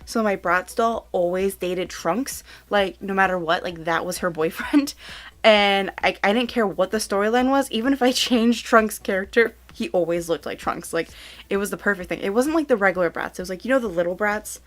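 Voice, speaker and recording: A woman's voice: mid-range voice, normal speed. Young woman, vlogger, gushing, giggly, chatty filler words, casual countdown. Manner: gushing, giggly, lots of "like" and "oh my God". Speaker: YouTuber.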